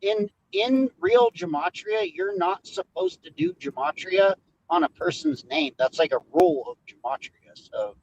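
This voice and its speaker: Guy in a stream argument, confused and questioning, high voice swinging all over. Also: huge pitch swings, unhurried, creaky, highs cut off, a little hiss or hum. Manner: questioning, confused, hesitant restarts. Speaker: livestream debate panelist. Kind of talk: heated argument on a livestream.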